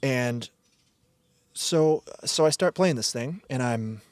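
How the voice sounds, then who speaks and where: At a slow pace and medium pitch, a man talks through his solo podcast on a dry recording. He's profane and meandering, regularly interrupting himself to restart what he was saying.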